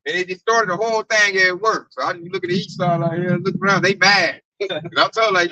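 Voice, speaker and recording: A man in a casual group discussion, animated and slangy, often tagging his sentences with "man". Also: high voice, brisk, dry recording, rough recording. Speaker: camp group member.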